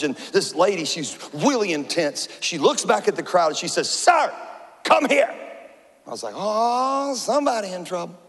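A male pastor delivers a sermon and tells his stories with animated humor. His voice sits high for a man, and a long hall reverb trails behind him.

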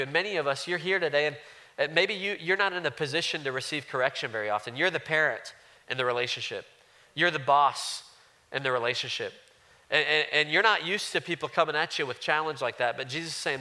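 Bright-voiced earnest male preacher. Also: medium pitch, fairly quick. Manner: earnest, conversational preaching with frequent restarts. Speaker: pastor. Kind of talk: sermon.

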